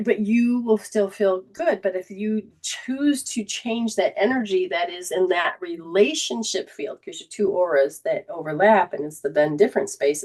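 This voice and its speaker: Female metaphysical teacher, livestream host, mid-pitched, rambling and repetitive, acts out quotes. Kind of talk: livestreamed spiritual talk.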